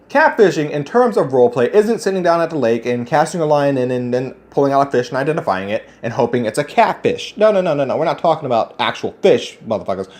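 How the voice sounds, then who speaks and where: A man's voice: mid-range voice, lively intonation, fast, few pauses, darkish tone. A man hosting his own channel, giving brash, sarcastic commentary with plenty of swearing and big swings in delivery. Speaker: channel host. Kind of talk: casual commentary vlog.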